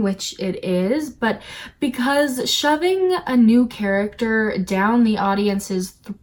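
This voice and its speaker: Woman, reviewer, sarcastic commentary, exasperated, fairly high pitch. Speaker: video reviewer. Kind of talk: opinionated commentary.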